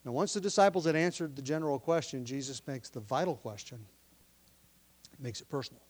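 A pastor preaching a sermon, explaining the text from his notes and pressing his listeners with forceful questions. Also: medium pitch, brisk. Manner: teaching from notes, explains word meanings.

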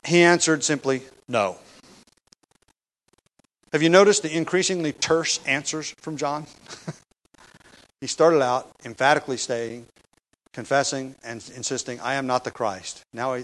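A man's voice: medium pitch, unhurried, pauses often, a bit bright. Conversational teacher, man. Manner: conversational, restarts and rhetorical questions. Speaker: Bible teacher. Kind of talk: expository sermon.

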